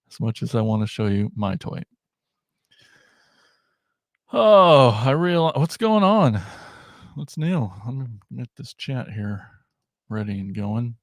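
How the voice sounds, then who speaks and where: A man hosting a toy podcast livestream, chatting casually in a rambling, animated way and laughing often. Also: mid-range voice, dry recording, clean studio sound. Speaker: podcast host.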